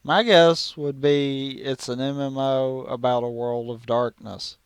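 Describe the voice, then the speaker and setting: A man's voice: medium pitch, fairly even intonation, measured pace, clean tone, no echo. A man co-hosting a casual gaming news show, reading articles aloud with dry impatience and stumbling over words.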